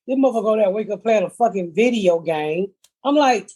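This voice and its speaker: A woman's voice: mid-range voice, animated, fast talker, mellow, husky. A middle-aged woman hosting a podcast, telling blunt, profane comedic stories in casual chat.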